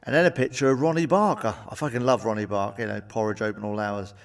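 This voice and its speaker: A man's voice: on the low side, fairly even intonation, fast, recorded from a distance. A man telling blunt, sweary stand-up jokes and tagging them with cheeky questions. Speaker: stand-up comedian. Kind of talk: stand-up joke monologue.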